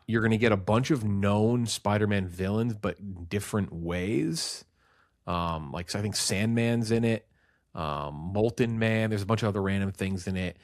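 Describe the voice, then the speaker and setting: A man co-hosting a film podcast, rambling casually with restarts and blunt swearing. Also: fairly low pitch. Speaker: podcast co-host.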